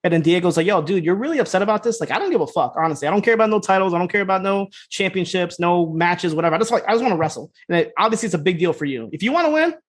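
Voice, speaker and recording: A man co-hosting a podcast, casually retelling scenes in a loose, fast way, slipping into quick quoted voices and laughing. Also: sits high, animated. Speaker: podcast co-host. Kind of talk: casual recap chat.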